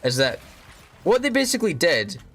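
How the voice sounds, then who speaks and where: A man's voice: fairly high pitch, sing-song, normal speed, fairly bright tone. Ranting young man streaming a game. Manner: swears often, ranting. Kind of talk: casual gameplay commentary. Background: faint background music.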